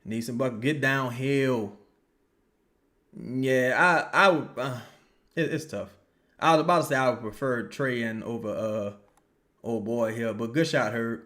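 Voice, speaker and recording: A young man giving casual, profane live reaction commentary on a basketball game, answering viewer questions and yelling at plays. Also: medium pitch, measured pace, pauses often. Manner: profane, animated, yells at plays. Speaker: live game watch-along streamer.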